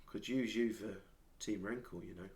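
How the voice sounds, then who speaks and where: A man's voice: on the low side, steady tone, moderate pace, darkish tone, natural voice. A man voicing a brash, handsome young male pod racer in a tabletop game. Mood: smug.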